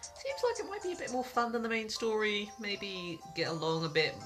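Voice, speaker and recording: A woman's voice: mid-range voice, expressive, normal speed. A woman casually commenting while playing a story game, sarcastic and swearing freely. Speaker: gaming video host. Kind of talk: casual let's-play commentary. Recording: loud game music behind.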